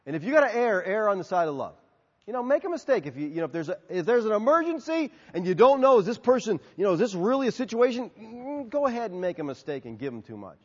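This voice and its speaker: Animated husky-voiced pastor in a reverberant church hall. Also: male voice, high-pitched. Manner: animated storytelling, acting out both sides of dialogues. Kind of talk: sermon Q&A. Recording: dull sound, long hall reverb.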